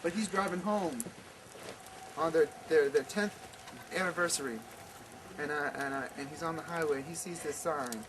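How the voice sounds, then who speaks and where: Animated male campfire storyteller, slightly high voice, loud outdoor noise behind. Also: normal speed, pauses often. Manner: animated, repetitive, stammering restarts. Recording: noisy outdoor camp recording.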